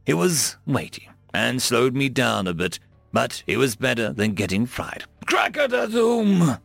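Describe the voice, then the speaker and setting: Male narrator for a fantasy audiobook, gravelly voice, animated delivery, dry close sound. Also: medium pitch, unhurried, no echo, soft background music. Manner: lively first-person storytelling.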